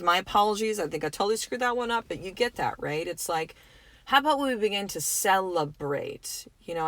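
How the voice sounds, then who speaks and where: A woman's voice: on the low side, fairly bright tone, no echo. A middle-aged woman hosting her own podcast, talking in a casual, earnest, motivational way, full of fillers and the odd swear word. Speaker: podcast host. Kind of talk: motivational solo podcast talk.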